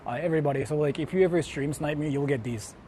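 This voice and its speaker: A male live-streamer walks a city street at night and talks into a handheld mic. He speaks in loud, profane, mocking bursts, slips between English and Japanese, and his tone stays dark and mellow. Faint traffic hums behind him. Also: on the high side, quick pace. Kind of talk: casual live-stream chatter.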